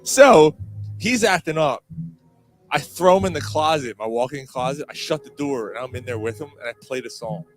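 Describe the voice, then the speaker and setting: A man's voice: on the high side, moderate pace, soft background music. A man co-hosting a casual, crude sports pub podcast, telling stories with lots of swearing and acted-out screams. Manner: animated storyteller, swears a lot, acts out screams. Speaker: podcast co-host. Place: bar or pub studio.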